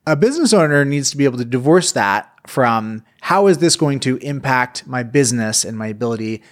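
A man in a middle register hosts a podcast interview. He sets up long, thoughtful questions in a plain, even-handed way. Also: mid-range voice, a little fast. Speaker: podcast host.

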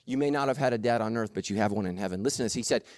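A man preaching a sermon, animated and jokey, acting out the story's voices. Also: fairly low pitch, racing, no room sound. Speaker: pastor.

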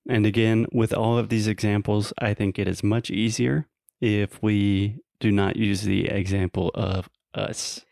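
A man's voice: lowish voice, flat delivery, a little slow, vocal fry, few pauses, darkish tone, dry recording, clean studio sound. A man co-hosting a casual podcast and teaching English, teasing his co-host and explaining pronunciation.

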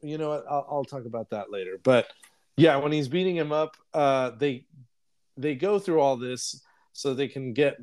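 A man's voice: mid-range voice, normal speed, darkish tone. A young man co-hosting a podcast, casually recapping a film in a rambling way and laughing often. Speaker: podcast co-host. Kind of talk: casual chat, movie review.

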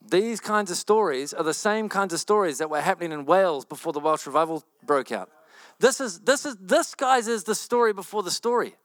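High-voiced pastor telling a story. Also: male voice, no echo. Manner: animated, repeats phrases, rushes through quoted speech. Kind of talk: sermon storytelling.

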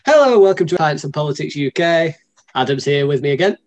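A man's voice: on the high side, expressive, a little fast, soft background music. Northern english guy rambling on his podcast, jokey, keeps correcting himself. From northern England. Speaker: podcast co-host. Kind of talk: casual podcast chat.

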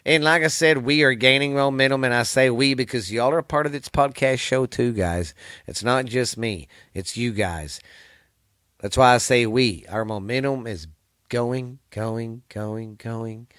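Sitting at a studio mic visible on camera in his home studio, a Texan-accented man rambles through a casual solo podcast, folksy and full of profanity. He talks at a moderate pace in a mid-range, slightly bright voice, with no echo.

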